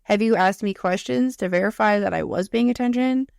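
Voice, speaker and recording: A woman's voice: mid-range voice, fairly quick, creaky, darkish tone, dry recording. A young woman co-hosting a podcast, chatting casually with blunt, salty language and little voiced impressions of coworkers. Her voice sits in an ordinary middle range and is recorded close and dry, with no room sound. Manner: blunt and profane, acting out coworkers' lines. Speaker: podcast co-host. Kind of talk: casual chat.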